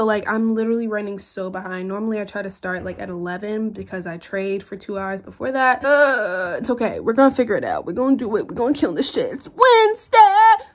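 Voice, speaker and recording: Woman, 20s, confessional vlogger; chatty, rambling, near tears. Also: medium pitch. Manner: rambling, lots of "like", emotional and teary. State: on the verge of tears. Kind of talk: confessional casual vlog.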